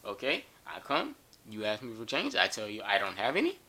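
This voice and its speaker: A man's voice: fairly low pitch, wildly swooping pitch, brisk, pushed and bright. A man telling a funny story in a casual, joking and profane way.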